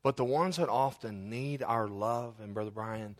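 A man preaching a sermon as pastor, praying aloud with passion and swinging between loud cries and hushed whispers. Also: medium pitch, moderate pace. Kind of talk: sermon with spoken prayer.

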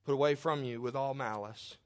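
A middle-aged man, a pastor, preaching a sermon in a conversational, joking way, moving between loud outbursts and quiet confession. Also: mid-range voice, fairly even intonation, a little fast.

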